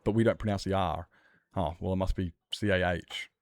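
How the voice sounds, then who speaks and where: This male livestreamer chats casually with viewers while gaming, rambling, arguing, and swearing now and then. His low, creaky voice holds a steady tone at a fairly quick pace. The studio-quality recording has no echo.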